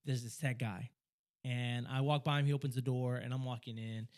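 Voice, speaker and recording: A young man co-hosting a podcast, telling a story in a casual chat, talking fast and excitedly, stumbling over and repeating words. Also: mid-range voice. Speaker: podcast co-host.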